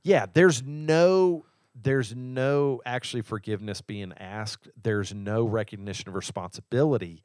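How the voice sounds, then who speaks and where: A man's voice: mid-range voice, measured pace, darkish tone, no echo, clean studio sound. A man co-hosting a faith podcast, explaining earnestly and reflectively, often restarting his sentences. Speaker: podcast co-host. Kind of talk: casual faith discussion.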